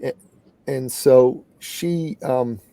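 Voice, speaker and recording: Earnest man, gravelly and mellow. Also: medium pitch, drawn-out words. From Canada. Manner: earnest, animated storyteller, laughs at himself. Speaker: guest, business coach. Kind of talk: storytelling interview talk.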